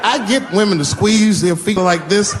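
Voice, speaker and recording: A male stand-up comedian telling profane stories on stage into a handheld mic, leaping into high-pitched voices for effect. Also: moderate pace. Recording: live show with audience noise.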